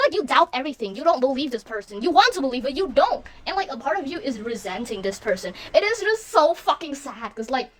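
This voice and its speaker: A woman's voice: high voice, a bit bright. A young woman in a small room at home, gushing and swearing as she breaks down song lyrics, sometimes bursting into screams. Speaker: podcast host.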